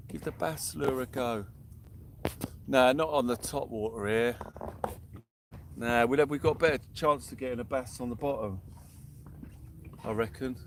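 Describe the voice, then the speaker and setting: A young man keeps up a cheerful, chatty commentary as he fishes. He is out on a small boat at sea. A faint hiss of outdoor noise sits behind his voice. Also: mid-range voice. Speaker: fishing vlogger. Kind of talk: live-stream commentary.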